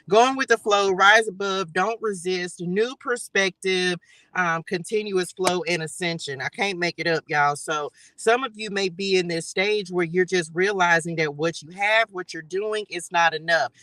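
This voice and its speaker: A man's voice: sits high, normal speed, sharp tone, dry recording, poor audio. A man giving a live spiritual tarot reading, chatty and preachy, often calling viewers y'all and baby. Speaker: tarot reader.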